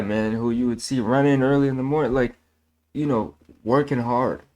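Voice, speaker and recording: A channel host shares his faith in a casual, earnest talk, repeating himself, sounding preachy, and fixing his own slips with fillers like "man." His voice is mid-range and darkish, fairly even in intonation, and a little fast.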